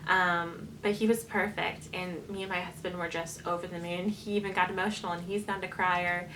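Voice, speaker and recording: A woman's voice: lowish voice, flat delivery, moderate pace, noisy background. A young woman vlogger telling a personal story to camera in an earnest, emotional, casual way, with many "um"s and "like"s. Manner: earnest and emotional, full of fillers like "um" and "like".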